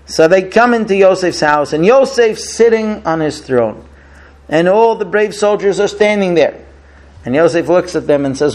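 A man casually retelling a scripture story as a teacher, animated, with fillers. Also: sits high, normal speed.

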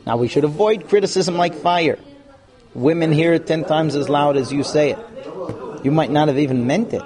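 A man's voice: a little high, normal speed, a crowd in the background. A man teaching a live class on marriage, talking frankly and acting out couples' lines in put-on voices. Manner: animated, acts out quoted couples. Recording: live room with audience noise.

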